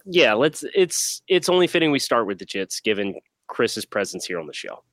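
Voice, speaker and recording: A man's voice: on the low side, sing-song, moderate pace, a bit bright, dry recording, studio quality. Easygoing male podcast co-host. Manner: easygoing, joking, some fillers. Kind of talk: casual sports podcast chat.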